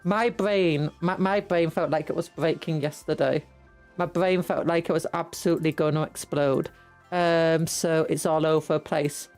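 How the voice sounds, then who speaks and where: A woman's voice: lowish voice, normal speed, a little mellow, faint music behind. A British woman streamer chatting casually, rambling and giggling in a playful way. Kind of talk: casual livestream chat.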